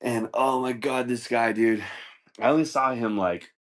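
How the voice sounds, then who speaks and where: Male comedy podcast host, mid-pitched, casual, animated storyteller who swears freely. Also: unhurried. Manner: animated, swears, laughs, voices others in raised pitch.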